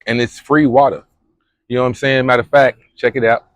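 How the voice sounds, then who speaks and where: A man's voice: mid-range voice, flat delivery, a little fast, no room sound. Slangy, rambling young man from Kentucky. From Louisville, Kentucky. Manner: slangy, loose and rambling, lots of fillers. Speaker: vlogger. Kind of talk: casual vlog chat. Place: outdoors at a spring.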